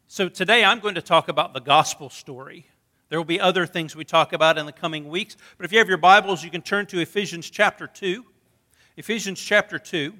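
High, bright-voiced pastor in a reverberant hall. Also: male voice, a little fast. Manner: conversational, storytelling with humor. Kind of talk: sermon. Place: church sanctuary. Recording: long reverb of a church hall.

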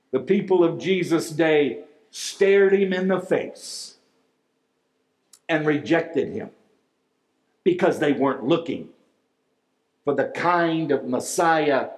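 High-voiced preacher in an echoey hall. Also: male voice. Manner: deliberate, emphatic, drawing out key words. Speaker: pastor. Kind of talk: sermon. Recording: echoey room.

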